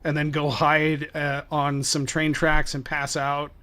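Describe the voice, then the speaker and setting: A man's voice: on the high side, monotone, unhurried, pushed and bright, clear, resonant tone. Chatty man co-hosting a game stream. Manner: chatty, swears, reacts with laughter. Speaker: let's play co-host. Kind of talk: casual chat over gameplay.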